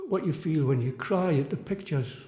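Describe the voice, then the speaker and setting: A man's voice: on the high side, normal speed, mellow, natural voice. An older man with a Geordie accent playing a muddled Geordie man who earnestly mixes up long words, on a small theatre stage. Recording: echoey live room.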